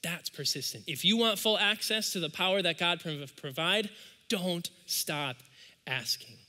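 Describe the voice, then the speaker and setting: A man with a high, very bright and forceful voice preaches a sermon in a church. He tells stories in a casual, conversational way, then slows right down on the key points. The long reverb of a large hall carries behind him. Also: lively intonation. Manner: conversational storytelling preaching with dramatic slowdowns. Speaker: pastor.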